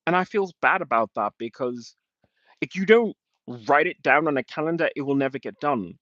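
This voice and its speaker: A man's voice: medium pitch, expressive, a little fast, a bit bright, dry recording. Emotional ranting male livestreamer. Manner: emotional, ranting, swears often. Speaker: livestreamer answering chat. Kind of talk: rambling live-stream talk. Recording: dull lo-fi dry sound.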